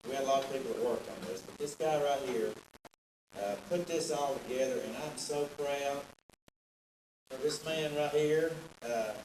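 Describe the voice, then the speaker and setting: A middle-aged man, an athletic director giving a rambling, joking roast speech full of anecdotes. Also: mid-range voice. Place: large banquet hall. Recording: echoey hall, distant and noisy.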